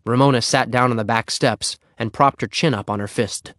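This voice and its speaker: A man reading a children's storybook aloud with expressive narration. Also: medium pitch, moderate pace, no room sound, clean studio sound. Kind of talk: audiobook reading.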